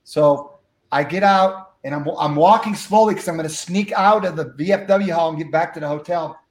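A man telling a story from his life as an interview guest, acting out the dialogue with lively energy. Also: fairly high pitch, normal speed, roomy sound. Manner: animated, acts out dialogue. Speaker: guest speaker.

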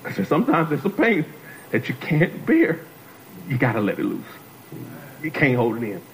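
A man's voice: a little high, slight background noise, poor audio. A man preaching a sermon as a guest speaker, talking to the congregation, repeating phrases and calling on them to answer.

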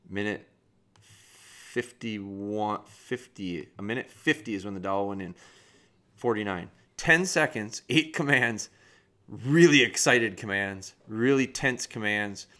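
A low-pitched man hosts a dog training podcast. He walks through a trainee's video step by step. He speaks straight to the trainee with direct, frank critique. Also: pushed and bright. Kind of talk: podcast commentary reviewing a video.

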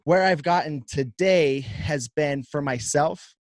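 A man's voice: fairly high pitch, slow, no echo, clean studio sound. A man who owns a gym and coaches, talking candidly and earnestly in a casual podcast chat. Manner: candid and earnest, restarts often.

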